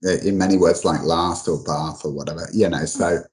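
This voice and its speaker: Low-voiced male guest, halting explainer with many restarts, casual talk. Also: fairly even intonation, a little mellow, rough recording. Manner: halting, full of restarts and fillers. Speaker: guest expert on English dialects.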